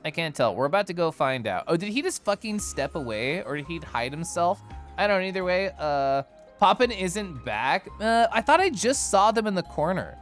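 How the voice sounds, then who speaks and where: Man, streamer, casual chat with viewers, playful, teasing, giggly, very animated pitch, faint background music. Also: moderate pace. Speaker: livestreamer.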